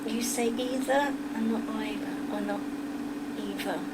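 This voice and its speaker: A woman's voice: medium pitch, little pitch movement, moderate pace, very noisy. A middle-aged woman with a Kentish English accent, chatting casually and with firm opinions to her livestream viewers. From England. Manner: chatty, opinionated, talks straight to chat.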